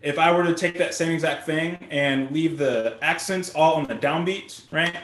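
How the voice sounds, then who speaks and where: A man teaching drumming in a casual, relaxed way, often asking "right?" as he explains patterns. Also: a little high, moderate pace, reverberant. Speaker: drum instructor. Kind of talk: casual instructional talk.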